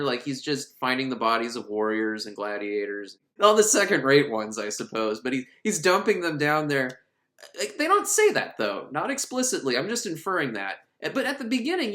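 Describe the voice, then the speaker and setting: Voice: mid-range voice, a bit bright, reverberant. A film reviewer recapping a movie in a casual, sarcastic, comedic way, often laughing.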